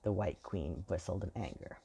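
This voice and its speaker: Gravelly, low-voiced male storyteller. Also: normal speed, dark tone, slight background noise. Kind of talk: scripted fairy-tale narration.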